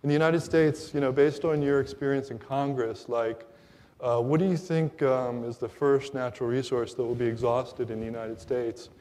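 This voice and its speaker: Laid-back environmentalist put on by a man, loose filler-heavy talk, softer and lower, long hall echo. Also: steady tone, moderate pace, lightly acted.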